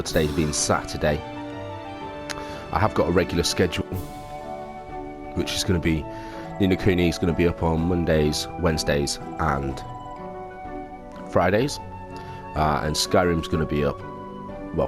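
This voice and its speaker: A man's voice: very deep voice, normal speed. A man hosting a casual let's play at home, rambling and self-mocking with lots of ums. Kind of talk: casual gameplay commentary. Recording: game music underneath.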